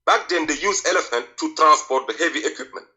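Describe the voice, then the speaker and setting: Combative male caller, bright forceful voice, a bit high. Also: fast talker, soft background music, rough recording. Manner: insistent, combative, demands to finish. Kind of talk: heated call-in debate.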